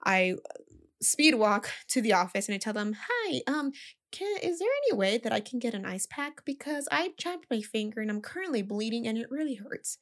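A woman's voice: fairly high pitch, sing-song, normal speed. A young woman and teacher telling a chatty, casual story with lots of fillers.

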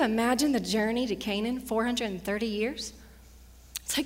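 A woman delivering a sermon as a preacher, emphatic, moving between loud declarations and soft whispered lines in a large room. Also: on the high side, moderate pace, pauses often, breathy edge. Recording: long hall reverb.

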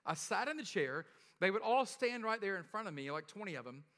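A man gives a sermon like he's telling stories to friends, laughing and asking "right?" as he goes. His voice sits high and sounds bright. A long reverb trails after him, as in a large hall. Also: very animated, brisk. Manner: casual, joking storyteller with frequent laughs and "right?". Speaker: pastor.

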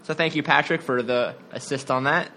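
A man's voice: medium pitch, fairly even intonation, moderate pace, bright, forceful tone, slight background noise. A man co-hosting a casual podcast, reading listener updates with dry humor. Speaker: podcast co-host.

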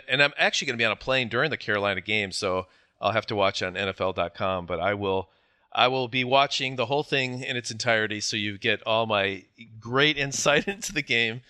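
A middle-aged man with a husky morning voice co-hosting a casual sports podcast, joking and chuckling as he talks. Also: mid-range voice, a little fast, pushed and bright, dry recording, clean studio sound. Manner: joking, chuckles through his sentences. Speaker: podcast co-host.

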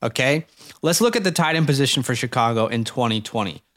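A man co-hosting a casual fantasy football podcast, energetic and hype-building as he talks. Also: mid-range voice, fast. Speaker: podcast co-host. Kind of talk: casual sports podcast chat.

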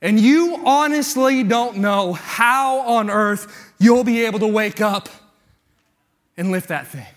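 A man's voice: sits high, slow. A male pastor preaching a sermon with a live weightlifting illustration, earnest and repetitive in cadence, out of breath.

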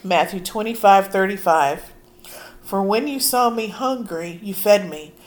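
A hoarse woman preaching a sermon, speaking earnestly and casually and reading scripture aloud with emphasis. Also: mid-range voice, unhurried. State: hoarse from allergies.

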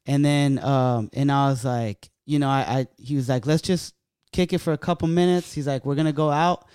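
A man telling a story in a casual podcast chat, animated and profane, acting out what people said. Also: on the high side, fast talker, clean tone, dry recording, clean studio sound. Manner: profane, animated, acts out quotes.

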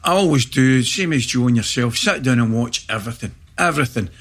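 A middle-aged Scottish man chats about his football days with a bright, forward voice. He tells his stories with animated energy and keeps tossing in little check-ins to his listeners. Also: medium pitch. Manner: animated anecdotes, quick asides like "right?". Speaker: former footballer and pundit guest. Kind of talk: casual storytelling chat.

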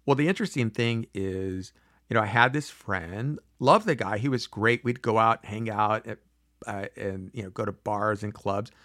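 A man in his forties telling a personal story in a casual, animated way, acting out quoted voices, with frequent fillers and restarts. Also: fairly low pitch, moderate pace, no echo, studio quality.

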